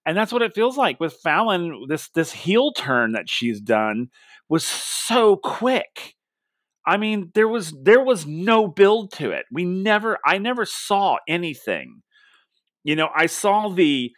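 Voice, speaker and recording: A man co-hosting a casual wrestling podcast, venting in a rambling, animated way with lots of restarts and mock quotes. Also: medium pitch, dry recording, studio quality. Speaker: podcast co-host.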